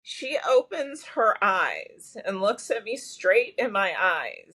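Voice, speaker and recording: A woman's voice: mid-range voice, very animated, slow, bright, forceful tone, slightly rough. A woman guest telling a personal story in a podcast interview, talkative, with lots of fillers and restarts. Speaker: guest, massage therapist.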